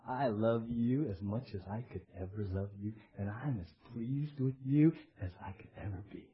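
A male pastor voicing God as a gentle, fondly loving father, speaking soft and hushed. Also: fairly low pitch, moderate pace, dull audio, pitched below the performer's own voice, lightly acted. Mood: tender.

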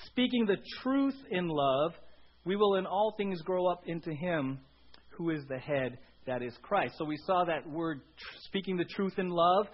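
A man preaching a sermon as pastor, conversational, often checking in with the congregation with "right?". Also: high-pitched. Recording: dull lo-fi sermon audio.

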